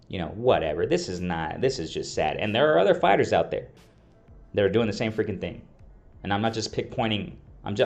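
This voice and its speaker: A man with a fairly low voice talks casually as he reads and reacts to comments. He sounds exasperated, often repeats his phrases and laughs between them. Soft music plays faintly behind him. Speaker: boxing commentary video host.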